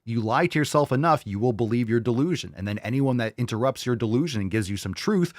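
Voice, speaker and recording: A man rants through a show in a lowish voice, sarcastic and combative, mocking what he reacts to. The sound is dry and close to the mic. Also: fast talker, few pauses, dry recording. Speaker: show host. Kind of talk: ranting commentary over video clips.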